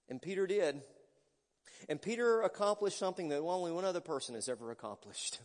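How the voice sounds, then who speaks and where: High-voiced, lively preaching man. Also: moderate pace, in a large hall. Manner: emphatic preaching, dramatic swings from loud to hushed. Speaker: pastor. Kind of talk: sermon.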